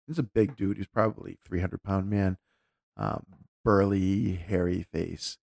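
Gravelly low-voiced man telling a story. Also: measured pace, a little mellow, dry recording, studio quality. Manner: candid, reflective, with frequent restarts. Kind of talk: casual conversational storytelling.

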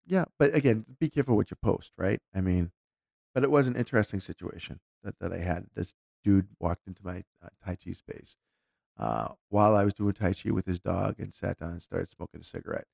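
A man's voice: low-pitched, fairly quick, gravelly, darkish tone, dry recording, studio quality. A man talking casually and candidly, reflecting aloud as he tells a personal story with frequent restarts.

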